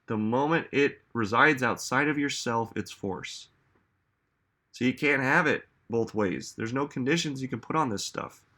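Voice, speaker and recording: A man's voice: medium pitch, unhurried, bright, forceful tone. A man giving a reflective motivational talk, musing aloud and asking listeners many rhetorical questions. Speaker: self-help speaker.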